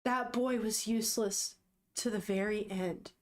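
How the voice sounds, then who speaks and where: A woman's voice: medium pitch, fairly even intonation, a little slow, a little mellow. A young woman with a sniffle, chatting casually and emotionally as she retells a manga, gasping and swearing in shock. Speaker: vlogger reading manga.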